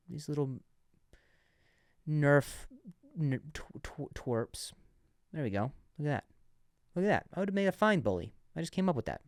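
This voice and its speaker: A man who stutters, hosting a comedy podcast and telling animated, self-mocking stories. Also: medium pitch, no room sound, studio quality. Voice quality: stutter, frequent repeated words. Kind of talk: comedic storytelling.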